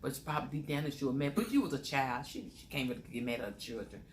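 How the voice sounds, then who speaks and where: Lively woman hosting a chat. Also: a bass voice, fast, a little hiss or hum. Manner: lively, laughing storyteller. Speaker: channel host. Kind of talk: casual chat.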